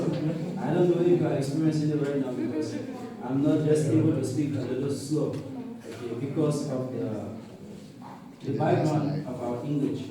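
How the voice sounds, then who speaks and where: A young Liberian man with a Liberian accent, giving a classroom presentation and explaining with repeated spoken examples. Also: a little high. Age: young adult. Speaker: student presenter. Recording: echoey room from far off with crowd.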